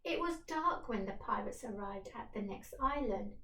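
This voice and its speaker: A woman teacher reading a storybook aloud for young children, slowly, clearly and expressively. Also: medium pitch, expressive, fairly bright tone. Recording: echoey room, distant from the mic.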